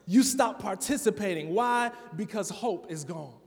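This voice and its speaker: A man from Chicago preaching a sermon in a church, talking conversationally to the congregation and building to loud, emphatic peaks. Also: high-pitched, animated, a little slow, vocal fry. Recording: long reverb of a large hall.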